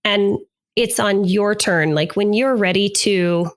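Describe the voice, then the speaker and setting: A woman's voice: medium pitch, slow pace. A woman who is a therapist and podcast co-host, talking in a casual, friendly conversational way. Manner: frequent agreeing backchannels.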